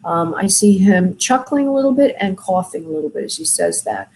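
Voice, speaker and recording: A woman hosting a call-in show as a spirit medium, talking gently and soothingly to callers, with many fillers. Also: mid-range voice, expressive, brisk, a little hiss or hum, low-quality recording. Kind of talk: call-in reading, soft and consoling.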